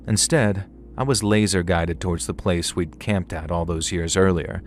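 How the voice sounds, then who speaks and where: Brief: male storyteller, very low voice, wry and conversational, scripted horror narration. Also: normal speed, slight background noise.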